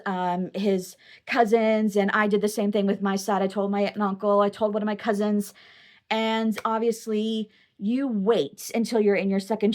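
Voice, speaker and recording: Young woman chatting to her camera, excitable and rambly, mid-pitched voice. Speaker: vlogger. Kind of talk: casual personal storytelling to camera.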